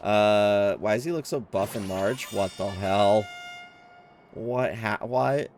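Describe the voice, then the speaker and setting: A man streaming his reaction to a game, excitable and quick to exclaim, often laughing. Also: lowish voice, a little hiss or hum. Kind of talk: casual video game reaction.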